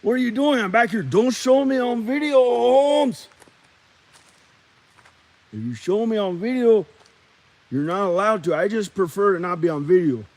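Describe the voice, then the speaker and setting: A man putting on a loud Mexican American woods stranger. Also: high-pitched, expressive, moderate pace, long pauses, pitched above the performer's own voice. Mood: guarded. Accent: put-on Mexican American. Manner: street slang, calls listener "Holmes". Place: woods outdoors.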